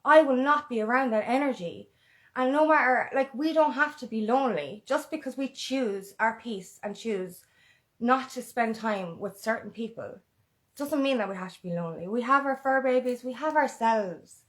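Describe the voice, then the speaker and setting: A woman's voice: fairly high pitch, normal speed, a bit bright. A woman empowerment coach talking earnestly and emotionally in a motivational vlog, often repeating a mantra. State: emotional, close to tears.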